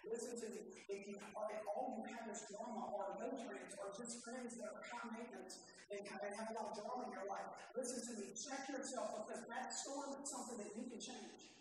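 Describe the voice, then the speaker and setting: A woman's voice: fairly high pitch, fairly quick. A woman pastor preaching an impassioned sermon, repeating phrases and calling on the congregation to repeat after her. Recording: echoey hall from far off, noisy.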